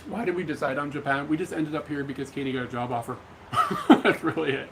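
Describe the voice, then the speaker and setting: A man's voice: on the high side, huge pitch swings, fast talker, very noisy. An American man co-hosting a casual livestream from home, laid-back, reading viewers' questions aloud and answering. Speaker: livestream co-host. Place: home room.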